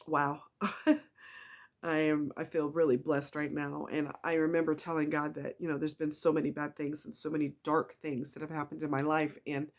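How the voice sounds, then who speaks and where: A woman chatting casually to camera in a rambling, emotional vlog. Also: low-pitched. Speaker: vlogger.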